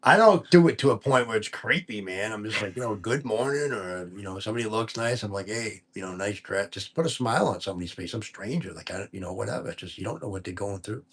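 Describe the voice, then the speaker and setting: A man hosting a live stream in casual chat, telling easygoing stories in a quiet, distinctive voice. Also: animated, fast, hardly any pauses, husky. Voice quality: distinctive low voice that people remember. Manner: easygoing, chatty storyteller; talks quietly and is sometimes hard to hear. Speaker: livestream host.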